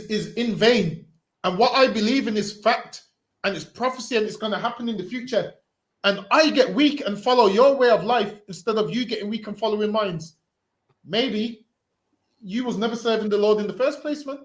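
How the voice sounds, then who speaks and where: A man street preaching forcefully, repeating himself and ending phrases with "man". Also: high voice, moderate pace, echoey room.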